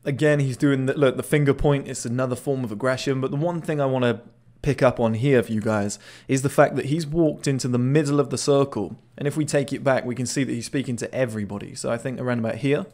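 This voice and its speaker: A man's voice: mid-range voice, steady tone, fast, few pauses, darkish tone. A man casually commenting on a video clip, chatty and swearing now and then, often repeating words as he restarts. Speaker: body language analyst.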